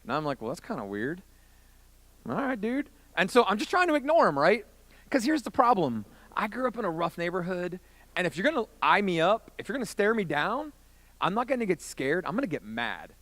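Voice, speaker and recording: Youth pastor, man in his late twenties, animated storyteller with a bright, tense tone and a high, lively voice. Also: brisk, dry recording. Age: 20s. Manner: animated storyteller acting out quotes, voice rising to shouts. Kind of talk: storytelling sermon.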